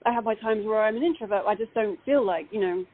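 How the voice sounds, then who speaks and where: British actress on a tinny call line. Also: female voice, mid-range voice, fast. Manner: animated, laughing, many restarts. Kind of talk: casual interview chat. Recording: phone-like call audio.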